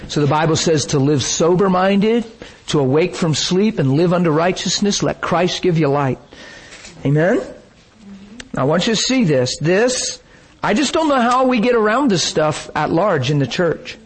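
A middle-aged male preacher with a husky, breathy voice pitched a little high. He preaches with emotional, emphatic storytelling. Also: animated, moderate pace. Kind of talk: sermon.

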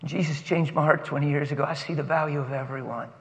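A pastor giving an animated, emotional sermon that he breaks off to greet friends, recorded in a church sanctuary with a long reverb. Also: on the high side, fast, creaky. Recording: long reverb of a large hall.

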